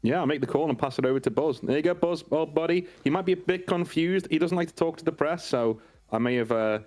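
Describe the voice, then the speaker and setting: A man's voice: fairly high pitch, fast, a little mellow, faint music behind. A man playing a tabletop role-playing game, brash and profane in character. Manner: brash, swearing, in-character banter. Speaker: player.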